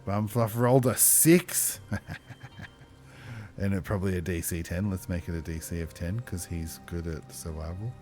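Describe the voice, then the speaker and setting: Low-voiced chatty male game master. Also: normal speed, soft background music. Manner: chatty, thinking aloud, lively exclamations. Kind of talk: narrating a tabletop game.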